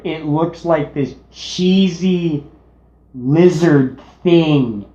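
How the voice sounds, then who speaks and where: A man co-hosting a casual movie review, unhurried, sharing trivia. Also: fairly high pitch, lively intonation, darkish tone. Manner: unhurried, shares trivia tidbits. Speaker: podcast co-host. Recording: echoey room, dull lo-fi sound.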